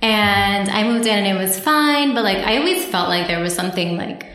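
A woman's voice: mid-range voice, expressive, moderate pace, a bit bright. A woman from New City, guesting on a podcast and telling stories in a chatty way, full of "like". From New York City. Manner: chatty, heavy use of "like". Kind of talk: casual storytelling. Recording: very echoey room.

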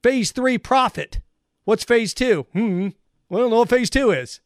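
A man hosting a sports talk show, ranting in a sarcastic, mocking way and jumping between loud outbursts and quiet asides. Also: very high voice, unhurried, no echo, studio quality. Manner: sarcastic, mocking, animated rants.

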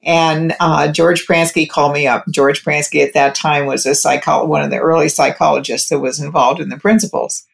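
A woman's voice: low-pitched, little pitch movement, moderate pace, creaky, few pauses. A woman telling a personal story to an interviewer, rambling, restarting sentences, and quoting what others said. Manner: rambling, with frequent restarts and quoted dialogue. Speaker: interview guest.

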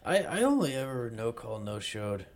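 A young man cracking deadpan, crude jokes as a podcast co-host in casual chat. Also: mid-range voice, moderate pace.

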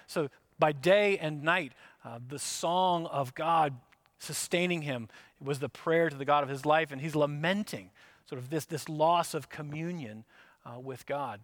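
A man gives a reflective sermon in a slightly raised voice. He is earnest and unhurried, and he leans into each scripture line. The sound is close and dry, with no room echo. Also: fairly high pitch, fairly bright tone. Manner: reflective, earnest, reads scripture aloud with slow emphasis. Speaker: pastor.

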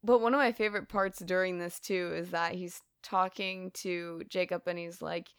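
A woman's voice: on the low side, moderate pace, hardly any pauses, clear, resonant tone, dry recording, studio quality. A woman co-hosting a podcast, casually recapping a film with lots of laughter and swearing. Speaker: podcast co-host.

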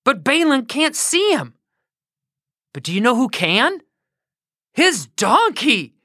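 Woman storyteller, children's Bible story, lively pitch, slow delivery, asks listeners questions. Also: no echo, studio quality.

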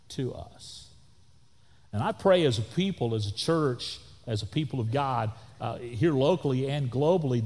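Animated male preacher in a hall. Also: medium pitch. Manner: animated, preacherly, acts out quotes. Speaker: pastor. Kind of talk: sermon.

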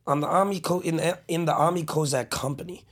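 A man's voice: a little high, fast talker. A man co-hosting a podcast, blunt and emphatic in casual chat. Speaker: podcast co-host.

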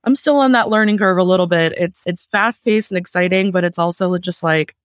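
A woman's voice: on the low side, brisk, no echo, studio quality. A woman appearing as a guest on a podcast, talking enthusiastically and rambling with lots of "like". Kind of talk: casual podcast chat.

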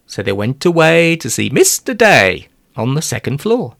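A man's voice: mid-range voice, measured pace, vocal fry, no room sound, studio quality. A man narrating a rhyming children's storybook aloud. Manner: lively rhyming read-aloud, voicing every character. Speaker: narrator and author-reader.

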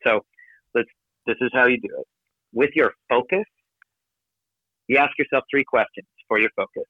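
A man giving an energetic, emphatic motivational talk from his office as a podcast guest. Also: medium pitch, no echo. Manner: energetic, emphatic, rapid coaching delivery. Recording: dry, phone-like narrow sound.

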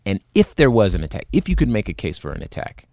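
A man's voice: fairly low pitch, big pitch swings, fast talker, creaky, a little mellow, dry recording, studio quality. A man hosting a show, recounting a video in earnest, indignant commentary with many fillers and restarts. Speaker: podcast host.

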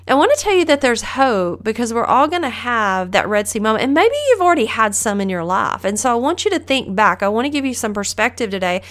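On her podcast, a middle-aged woman delivers a relaxed devotional Bible lesson, earnest in tone, often asking listeners questions. She speaks a little fast with barely any pauses, her fairly high voice lively and fairly bright.

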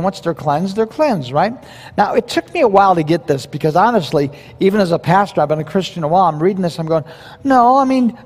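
A pastor preaching a verse-by-verse sermon in a conversational, animated way, with quoted asides. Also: male voice, fairly high pitch, in a large hall.

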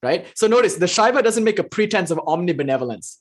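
A spiritual teacher lecturing informally, chanting in between and explaining with an animated, irreverent, joking delivery. The voice is husky and sits at a middle pitch. Casual swearing and playful asides run through the talk. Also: quick pace. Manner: animated and expressive.

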